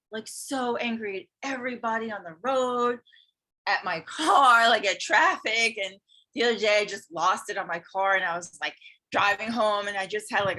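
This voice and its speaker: Bright-voiced woman telling a personal story. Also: mid-range voice. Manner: earnest, animated storytelling with spiritual language. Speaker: yoga and spiritual teacher. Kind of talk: casual conversation, personal story. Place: Hawaii.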